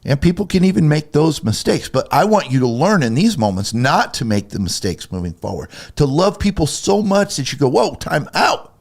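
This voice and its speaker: A man's voice: fairly high pitch, very animated, a little fast, few pauses, darkish tone. A man co-hosting a Christian talk show, getting heated and emphatic as he acts out little quoted conversations. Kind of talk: casual faith talk, preachy.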